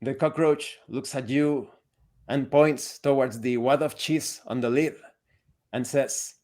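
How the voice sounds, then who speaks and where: A man narrating a tabletop role-playing game as game master, describing scenes in a steady, descriptive way. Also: mid-range voice, slow pace.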